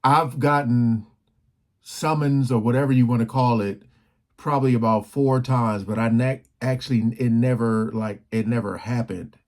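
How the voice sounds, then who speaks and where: A man hosting a reaction video, making relaxed, chatty comments in casual talk. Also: mid-range voice, normal speed.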